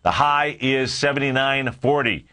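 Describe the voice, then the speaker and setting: A man's voice: medium pitch, a little slow, bright, forceful tone, clean tone. A man hosting a live trading show, walking viewers through market charts in a folksy way with frequent fillers.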